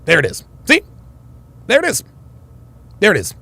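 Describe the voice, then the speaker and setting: A man's voice: sits high, wildly swooping pitch, normal speed, vocal fry, bright, forceful tone, breathy edge. A man hosting a reaction commentary, slangy and swearing, talking over a clip.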